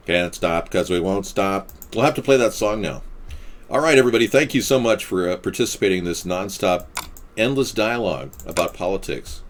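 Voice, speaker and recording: Sarcastic male host, lively pitch, rambling political chat. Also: fairly quick.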